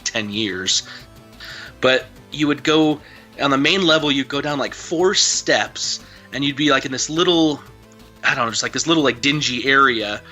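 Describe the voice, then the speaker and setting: A man's voice: medium pitch, sharp tone. A man guest telling a casual, rambling story full of fillers. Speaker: interview guest.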